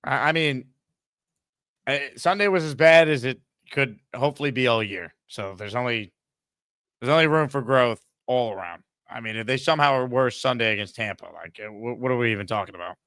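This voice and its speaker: Bright-voiced male sports show host. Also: medium pitch, fairly quick, no echo, studio quality. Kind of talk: casual sports talk.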